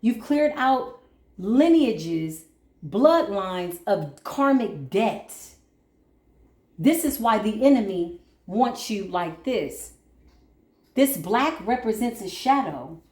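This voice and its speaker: A woman's voice: medium pitch, animated, slow, roomy sound. A woman giving a casual spiritual pep talk during a card reading, speaking emphatically and colloquially and calling listeners baby and boo. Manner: swings between preachy intensity and quiet asides. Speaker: spiritual reader.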